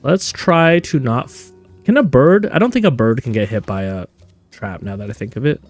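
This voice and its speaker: A man's voice: mid-range voice, moderate pace, soft background music. A man live-streaming a game, talking chattily and answering viewers' questions as he plays. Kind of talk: live gameplay stream commentary.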